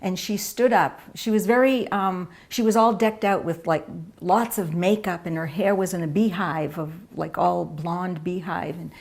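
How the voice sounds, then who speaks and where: A woman recalling old memories in an interview, telling her story in a lively, chatty way. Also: on the low side, moderate pace, vocal fry, hardly any pauses. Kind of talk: reminiscing interview.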